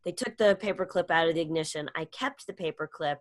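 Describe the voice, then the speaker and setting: A middle-aged woman with a lowish voice tells a story in a relaxed interview. She is animated, throwing her pitch way up whenever she acts out what someone said. Her pace runs even, with quick bursts. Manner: animated storytelling, acts out quotes with sudden high pitch jumps. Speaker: guest, comedian and public speaker.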